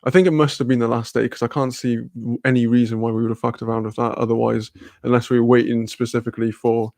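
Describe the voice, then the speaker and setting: A man's voice: mid-range voice, level tone, fast, vocal fry, darkish tone, no room sound. A young man, casually telling a rambling story with lots of fillers, laughter and swearing. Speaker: streamer.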